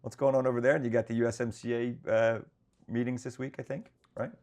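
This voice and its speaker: A man hosting a casual podcast, loose and quick with his questions, laughing easily. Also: mid-range voice, level tone, darkish tone. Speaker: host.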